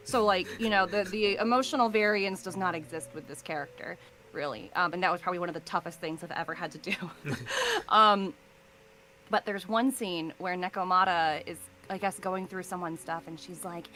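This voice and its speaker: A woman's voice: on the low side, moderate pace, sharp tone, poor audio. A woman voice actor chatting as an interview guest, rambling with many fillers and easy laughs. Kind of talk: casual interview chat.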